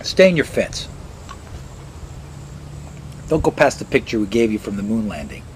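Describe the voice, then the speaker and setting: A man's voice: very animated, moderate pace, slight background noise, low-quality recording. Sarcastic ranting man. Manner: sarcastic, swears, jumps into high mocking voices. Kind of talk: mocking casual rant.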